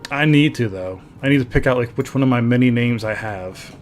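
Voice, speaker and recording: A man talking through a game stream at an easy, conversational pace, reading chat messages and laughing along. His voice sits at an ordinary middle pitch. Faint music plays underneath. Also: a little fast. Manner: chatty, reads chat aloud, laughs often. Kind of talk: casual gameplay commentary.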